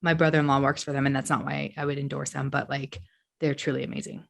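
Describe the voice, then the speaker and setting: A woman co-hosting a casual chat podcast, telling stories in an animated way and acting out the exchanges. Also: rumbling low, fast, vocal fry. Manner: animated storyteller, acts out quoted exchanges. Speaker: podcast co-host.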